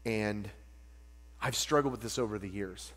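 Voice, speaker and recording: A man preaching a sermon, animated and jokey, acting out little voices as he teaches. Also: fairly low pitch, moderate pace. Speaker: pastor. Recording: long hall reverb with mains hum.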